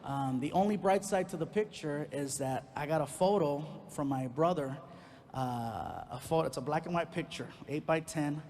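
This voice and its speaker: Brief: a lively male comic telling a family story, high-pitched and expressive. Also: moderate pace, long reverb tail. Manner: animated, swings into loud outbursts, lots of character voices. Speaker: stand-up comedian. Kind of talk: stand-up storytelling.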